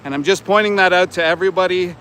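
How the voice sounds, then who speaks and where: With a high, bright voice, a forceful tone, and a quick pace, a man in his forties livestreams from a city sidewalk as a vegan activist. He sounds indignant and keeps repeating himself when he's challenged. Traffic adds faint street noise to the outdoor recording.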